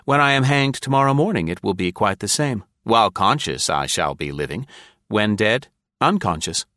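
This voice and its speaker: A man's voice: fairly low pitch, lively intonation, pushed and bright, dry recording, studio quality. Man voicing a doomed spy, cool then frantic. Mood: coolly reasoning. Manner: measured and reasoning, breaking into frantic pleading. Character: calm captured male spy facing execution, coolly philosophical. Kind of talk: audiobook character reading.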